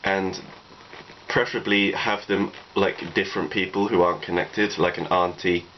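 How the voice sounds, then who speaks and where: In a dull, lo-fi recording with faint background noise, a man in his twenties with a deep voice gives personal advice at a moderate pace and a flat delivery. The vlogger's casual monologue wanders reflectively, full of "you know."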